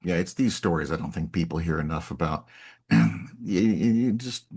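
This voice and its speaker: A man hosting a podcast, asking a guest questions in casual chat and clearing his throat often. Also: low voice, lively intonation, normal speed, a little mellow. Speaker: podcast host.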